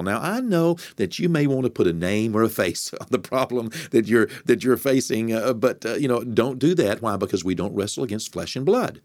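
Male podcast preacher, lowish voice, dry close sound, chatty then emphatic. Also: expressive, moderate pace, few pauses, dry recording. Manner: conversational, rising to emphatic preaching with many fillers. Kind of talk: podcast sermon.

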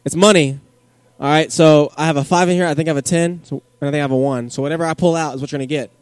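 A man giving a joking, energetic youth group sermon in casual slang, as a youth pastor. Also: on the high side, rapid-fire, clean tone, dry recording.

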